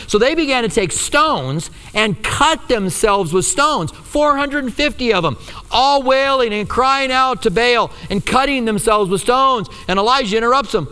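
A man preaches with a bright, ringing voice that climbs high and swoops widely as he tells the story. He acts out the quotes as he goes, and the long reverb of a church hall trails behind each line. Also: smooth. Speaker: pastor. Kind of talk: sermon.

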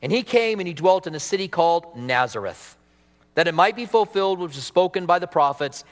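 A man preaching a sermon as pastor, animated with humorous asides, then leading a prayer. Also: high voice, a little fast. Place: church sanctuary. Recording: reverberant church hall.

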